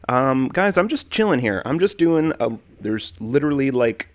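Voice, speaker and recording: The voice is a young man's, medium-pitched and at normal speed, recorded with no echo on a desk condenser mic. He's hosting a casual home livestream, reading comments, greeting chatters by name, and shifting between laid-back and animated.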